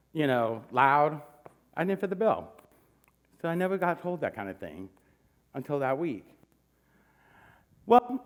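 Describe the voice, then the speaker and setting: A man in his forties telling a comic personal story live, in an animated, punchy and self-mocking way. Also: a little high. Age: 40s.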